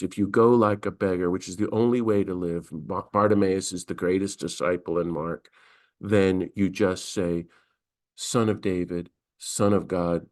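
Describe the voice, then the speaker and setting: A middle-aged priest teaching a class on scripture, lively and conversational, briefly acting out the voices of the figures he quotes. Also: fairly low pitch. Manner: animated, acts out quoted voices. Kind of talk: lecture on scripture.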